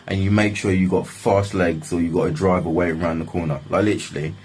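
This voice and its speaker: A young man spins a casual story, full of swearing and filler phrases. His voice sits on the low side and has a husky, breathy grain. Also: steady tone, fast, darkish tone, rough recording. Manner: swearing, rambling, repeats "like, literally". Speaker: vlogger telling a story.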